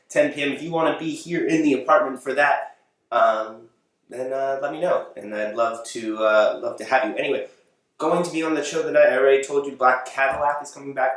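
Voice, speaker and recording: A man hosting a home talk show in his apartment, delivering a casual monologue that rambles, corrects itself and breaks into chuckles mid-sentence. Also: mid-range voice. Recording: very echoey room, mic far off.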